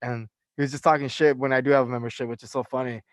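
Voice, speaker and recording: A young man on a casual podcast tells a rambling story, full of fillers and swearing. He sounds like a personal trainer catching up with a friend, with a dry, close recording. His pitch sits in the middle range. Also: very fast, no echo. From California. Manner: animated storyteller, profane, many fillers.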